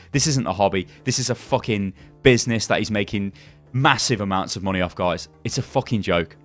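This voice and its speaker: A man hosting a gaming channel, ranting angrily with heavy swearing and frequent restarts. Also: medium pitch. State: angry. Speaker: YouTube gaming channel host. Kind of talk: angry commentary video.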